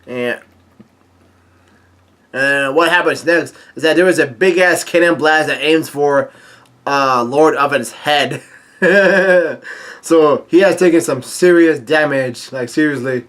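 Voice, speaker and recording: A man reading through a manga chapter aloud in a casual, halting way, with many fillers and restarts and frequent chuckles. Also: on the high side, a bit bright. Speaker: manga reader and commentator.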